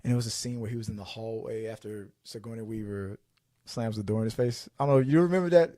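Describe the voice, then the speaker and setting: A man's voice: on the low side, fast talker, mellow, no echo, clean studio sound. A man hosting a podcast, chatting casually about movies, rambling and restarting his sentences and acting out scenes as he goes. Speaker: podcast host.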